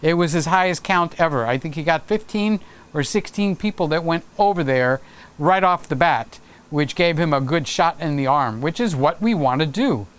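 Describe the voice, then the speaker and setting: A man's voice: a little high, expressive, normal speed, smooth. A middle-aged man hosting a casual live stream, chatting folksily and reading viewer comments aloud. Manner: chatty and folksy, with frequent restarts and laughs. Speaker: livestream host.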